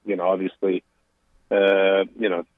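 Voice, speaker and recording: A man with an Australian accent calls in to a radio show, his lowish voice squeezed through a tinny phone line. He talks haltingly, stopping and restarting with lots of fillers, and there is no room sound around him. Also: flat delivery, no echo. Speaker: caller.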